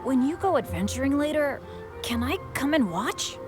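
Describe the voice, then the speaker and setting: Woman voicing a teenage boy adventurer, video game, eager, self-deprecating, highish lively voice, loud game music behind. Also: normal speed. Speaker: game character.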